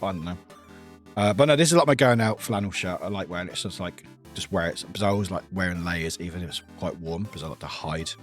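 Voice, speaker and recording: A young British man streaming and chatting with his viewers, teasing them playfully and switching between loud outbursts and quiet mumbles. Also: medium pitch. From United Kingdom. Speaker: livestreamer. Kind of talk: casual chat with viewers. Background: faint music.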